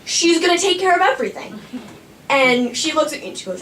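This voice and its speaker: A woman's voice: sits high, sing-song, a little fast, a bit bright, a little hiss or hum. A young woman telling a true personal story on stage in a chatty, self-mocking way. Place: small performing arts studio stage. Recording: echoey room from far off.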